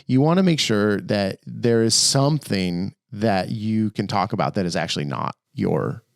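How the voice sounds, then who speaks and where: A middle-aged man co-hosting a podcast in casual chat, rambling and animated with frequent restarts. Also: lowish voice, normal speed, vocal fry, no room sound, studio quality. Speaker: podcast co-host.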